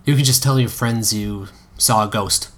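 A man reading aloud and voicing a dry, sharp-tongued teenage witch girl. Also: on the low side, normal speed. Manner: teasing, dry and sarcastic.

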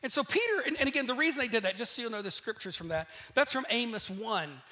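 Man, pastor, sermon, high voice, bright tone, lively storytelling, asks listeners questions. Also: quick pace. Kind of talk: sermon with scripture reading.

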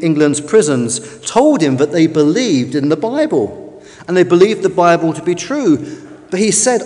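Emphatic preacher in a reverberant hall. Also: male voice, on the high side, a little mellow. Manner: emphatic, with slow drawn-out stresses. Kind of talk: sermon. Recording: long reverb of a large hall.

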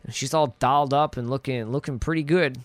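A man's voice: medium pitch, steady tone, brisk, no room sound. A man chatting casually about a movie with a friend, laid back, chiming in and laughing along. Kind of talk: casual movie recap chat.

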